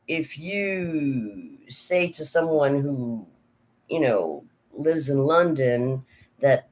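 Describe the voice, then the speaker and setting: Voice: mid-range voice, expressive, very slow, darkish tone. A vlogger and actor chatting casually to camera, meandering from thought to thought with frequent restarts and fillers. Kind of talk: casual rambling chat to camera.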